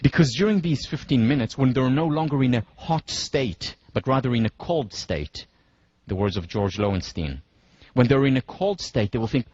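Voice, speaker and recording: A man delivers a university lecture in a husky, somewhat breathy voice. He talks deliberately and stresses his points by slowing down. The sound is dry and a little dull, like a muffled classroom recording. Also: medium pitch, animated, a little mellow, no echo. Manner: walks listeners through scenarios step by step.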